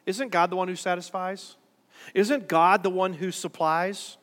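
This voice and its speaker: Speaking a little slowly and with fairly even intonation, a pastor preaches to his church congregation in a high, bright voice. Long hall reverb fills the worship center as his conversational tone climbs to emphatic peaks.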